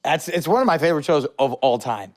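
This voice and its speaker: A man hosting a casual podcast chat, reacting quickly and with enthusiasm. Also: on the high side, animated. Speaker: podcast host.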